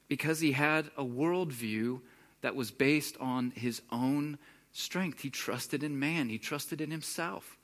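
A man's voice: mid-range voice, slow pace, a bit bright. A young man preaching a conversational sermon, sometimes acting out the voices of the people in the story. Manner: conversational, acts out characters' voices. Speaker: pastor.

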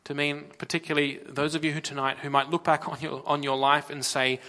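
An Australian man delivers a sermon with a bright, forward voice. He is earnest, rising to firm emphasis and then dropping to hushed lows, pausing and restarting as he speaks from notes. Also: level tone. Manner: earnest, swings from loud emphasis to near-whispered lows. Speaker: preacher.

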